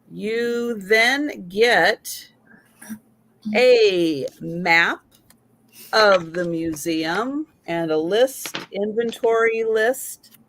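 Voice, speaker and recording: A woman hosting a live vintage sale, slowly and methodically describing items and counting down bids. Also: medium pitch, fairly bright tone, a little hiss or hum. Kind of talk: live auction chat.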